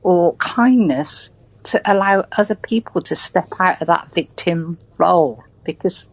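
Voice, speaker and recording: Woman, British, West Country accent, interview guest, earnest, emphatic, lowish voice, dry sound. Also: unhurried, breathy edge, no room sound, poor audio. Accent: West Country English. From Britain. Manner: earnest, emphatic, repeats points for stress. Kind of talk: conversational interview.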